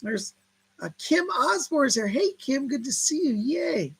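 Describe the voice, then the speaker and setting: A man's voice: extremely high pitch, sing-song, a little slow, vocal fry, fairly bright tone, poor audio. A middle-aged man hosting a live psychic stream, who talks in a gushing, chatty way full of exclamations. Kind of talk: casual live-stream chat.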